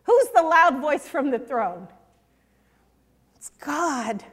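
Older female preacher, slow and earnest, hushed on key points, in a big reverberant hall. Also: high voice, sing-song. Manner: earnest and emphatic, dropping to a hush on key points. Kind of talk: sermon.

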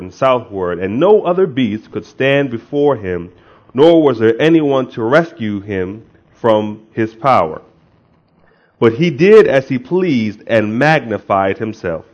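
This is a pastor's sermon, with prayer and scripture read aloud, from a man with a medium-pitched, slightly mellow voice. He talks conversationally but rises into emphatic bursts, and the recording is dull and lo-fi.

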